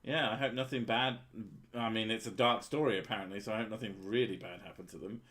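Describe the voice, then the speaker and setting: A man's voice: on the low side, fairly even intonation, fast talker, a bit bright. A man co-hosting a casual livestream, joking and teasing, swearing now and then. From England. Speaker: streamer co-host.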